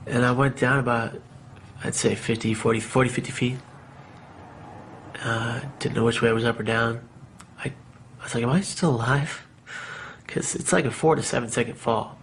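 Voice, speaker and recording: A man's voice: mid-range voice, steady tone, moderate pace, gravelly, pauses often, a little hiss or hum. A man giving a candid, rambling personal testimony in an interview, with many fillers and restarts. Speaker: interviewee recounting his own story. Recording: music playing under the voice.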